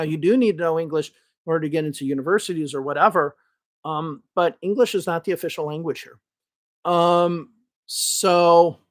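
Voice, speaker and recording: A man from Chicago with a Northwest suburban Chicago accent, hosting a podcast as an English teacher in casual, blunt and profane chat that rambles with restarts. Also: high-pitched. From Chicago, United States.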